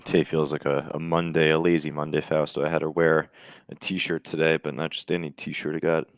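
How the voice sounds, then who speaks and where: A very deep, gravelly male voice recorded dry and close. He hosts a live trading show in a loose, easygoing, chatty way. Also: a little fast, no echo. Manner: relaxed, conversational, lots of fillers. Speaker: day trading show host. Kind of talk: casual live trading chat.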